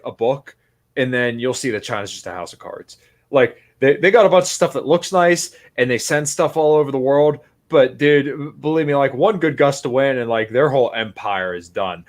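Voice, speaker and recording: A man in a casual political podcast chat, talking in an animated way, full of restarts. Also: mid-range voice. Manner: animated, talks with restarts and fillers.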